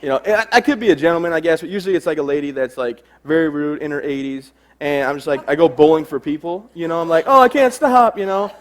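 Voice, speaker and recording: A young man delivers a humorous talk from a stage, his voice sitting a little high for a man. He tells stories in a joking, self-deprecating way. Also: quick pace, few pauses. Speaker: keynote speaker. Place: stage before a live audience.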